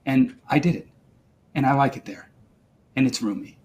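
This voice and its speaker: A man's voice: mid-range voice, normal speed, a little mellow, a little hiss or hum. A man playing a tabletop game in character, rambling defensively with comic self-pity. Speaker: player voicing his character. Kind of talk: in-character tabletop role-play.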